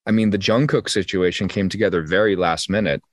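A man's voice: low-pitched, steady tone, a little fast, no room sound. A young man from New Jersey, a singer-songwriter, chatting casually as an interview guest and often restarting his sentences. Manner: rambling, many restarts and stammered repeats.

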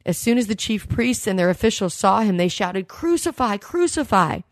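A woman's voice: medium pitch, brisk, a little mellow, no echo, studio quality. A woman preaching a sermon, retelling scripture in a conversational storytelling way.

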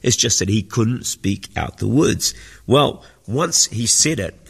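A man's voice: lowish voice, animated, takes it slowly, gravelly, husky. A man preaching a sermon as senior pastor, earnest and teaching, repeating phrases for emphasis. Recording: echoey hall with long reverb.

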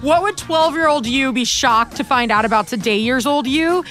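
Woman host, casual chat; high voice, playful teasing delivery. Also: fairly bright tone. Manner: playful, teasing, quick with jokes.

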